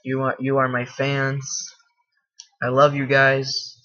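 Guy rambling on his own little podcast, bright pushy voice, dull lo-fi sound from a computer mic across the room. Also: medium pitch, monotone, takes it slowly. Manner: rambling, self-deprecating, raising his voice. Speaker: podcast host. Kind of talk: casual solo podcast monologue.

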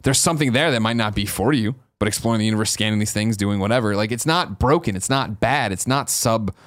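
A man co-hosting a podcast in casual chat, animated and swearing freely. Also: on the low side, fast, dry recording. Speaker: podcast co-host.

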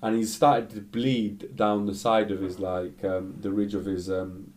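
A man with a slightly low voice tells a story in a casual, rambling way, leaning on "like" and filler words. He is animated, jumping between quiet asides and louder bursts. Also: unhurried.

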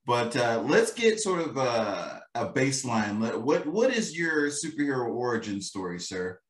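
A man's voice: mid-range voice, normal speed, echoey room. A man co-hosting a podcast in casual chat, swearing freely, laughing and telling stories with animation. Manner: profane, laughing, animated storytelling. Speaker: podcast co-host.

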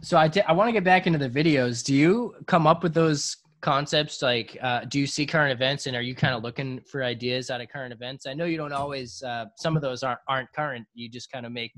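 A man hosting a podcast, asking his guest questions in an easygoing, casual way and laughing along at his stories. His voice sits in a middling pitch. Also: fast talker, few pauses, a bit bright. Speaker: podcast host. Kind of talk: casual interview chat.

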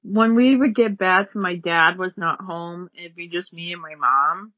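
A woman's voice: lowish voice, a little slow, no room sound, narrow, tinny audio. A woman talking casually in a blunt, profane, rambling way. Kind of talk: casual chat.

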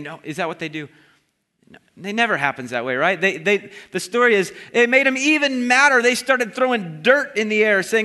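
A man preaching a sermon, retelling a Bible story in a lively storytelling way and briefly acting out the voices of the crowd. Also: high-pitched, a little fast. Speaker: pastor. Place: church sanctuary. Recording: long hall reverb.

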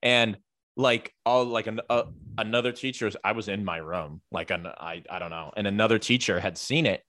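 A man's voice: lowish voice, moderate pace, a bit bright, dry recording, studio quality. A man who works as a teacher, telling a casual story with lots of fillers and the odd swear word. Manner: rambling, filler-heavy, profane.

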